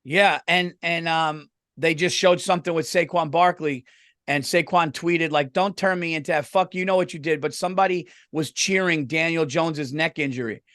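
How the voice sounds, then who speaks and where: A man's voice: a little high, normal speed, a bit bright, dry recording, studio quality. A man co-hosting a casual sports podcast, telling stories loosely and laughing often. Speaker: podcast co-host.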